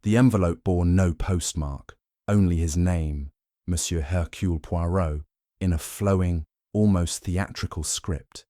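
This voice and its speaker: A man narrating a mystery audiobook in a measured, even storytelling manner. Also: low voice, no room sound, clean studio sound.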